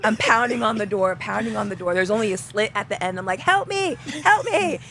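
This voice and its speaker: A woman's voice: mid-range voice, fast, gravelly. Laughing young woman telling a story. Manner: animated, acts out quoted dialogue, laughs often. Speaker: interview guest, athlete. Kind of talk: casual storytelling.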